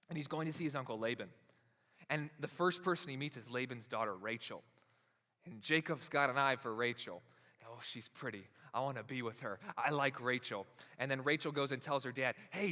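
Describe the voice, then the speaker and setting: A man's voice: fairly high pitch, bright, forceful tone, big-room sound. A man preaching a sermon as pastor, retelling a story casually and acting out its characters in everyday voices.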